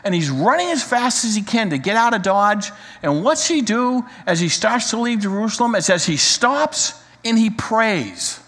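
A male pastor preaching a sermon, dramatic, swinging between loud emphasis and quiet, full of rhetorical questions. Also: high-pitched, sing-song, moderate pace, hardly any pauses, big-room sound.

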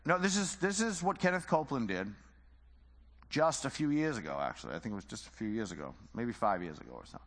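A man's voice: mid-range voice, sing-song, fast talker, a bit bright, big-room sound. A man teaching the Bible informally, conversational and full of rhetorical questions and repeated phrases.

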